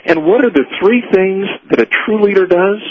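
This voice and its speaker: On a radio show, a middle-aged leadership speaker appears as a guest, talking earnestly in a high voice at normal speed. He teaches his ideas in numbered points. The broadcast audio is muffled and dry, with no room sound.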